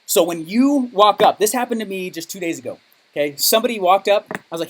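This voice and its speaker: A man giving an energetic motivational training talk as a business coach, emphatic and checking in with his audience often. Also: fast talker. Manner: high-energy, emphatic, keeps asking "okay?".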